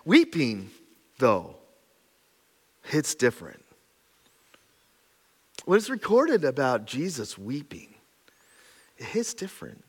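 Bright-voiced preacher in a reverberant hall. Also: male voice, fairly high pitch, lively intonation, normal speed. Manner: swings between loud urgent preaching and soft hushed delivery; repeats phrases for emphasis, casual fillers. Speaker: pastor. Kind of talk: sermon. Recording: long reverb of a large hall.

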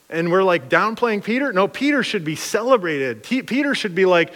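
A man's voice: high voice, expressive, normal speed, hardly any pauses, fairly bright tone, long reverb tail. A man preaching a sermon in a casual, slangy way, acting out voices of the people he talks about. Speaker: pastor.

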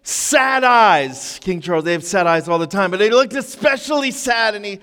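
A man's voice: high-pitched, lively intonation, moderate pace, fairly bright tone, clean tone. A man preaching a sermon in a casual, conversational storytelling way, full of fillers. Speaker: pastor. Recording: long hall reverb.

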